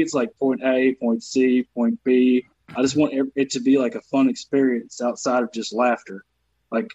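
A man with a Southern US accent, a comedian guest on a podcast, telling stories in an animated, profane way. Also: medium pitch, muffled recording. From Southern United States. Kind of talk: casual podcast chat.

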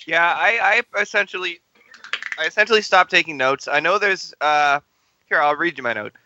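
A man's voice: on the high side, moderate pace, sharp tone, lo-fi sound, slight background noise. A man from Canada co-hosting a casual podcast, joking crudely about a movie. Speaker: podcast co-host. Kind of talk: casual movie review chat.

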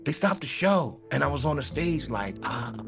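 A man tells a story on a casual podcast. He talks in an animated way, repeats his words and swears freely. A clear music bed plays under his voice. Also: a little high, moderate pace. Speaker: podcast co-host.

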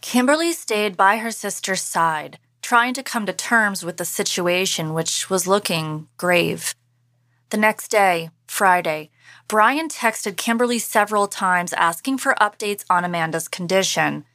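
A woman hosting a podcast, giving measured, scripted true-crime narration. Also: medium pitch, sharp tone, dry recording, clean studio sound.

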